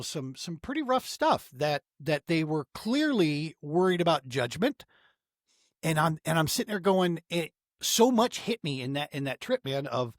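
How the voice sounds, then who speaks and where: A middle-aged man who founded an outdoor therapy program tells a heartfelt story as a podcast guest in a casual interview. His voice is on the high side, recorded in studio quality with no echo. Earnest and emotional, he often says "man" and restarts his sentences.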